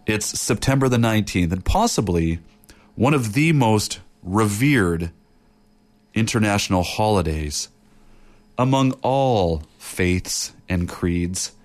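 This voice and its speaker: A man's voice: on the low side, lively intonation, takes it slowly. A young man hosting a campus radio show, announcing in an upbeat, mock-grand way. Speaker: radio host.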